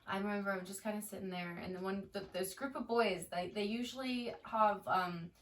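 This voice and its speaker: A brisk, medium-pitched woman in her twenties, a teacher appearing as a podcast guest, tells classroom stories in casual conversation and acts out her students' lines with animated flair. The recording sounds roomy, with her a bit far from the mic and faint background noise.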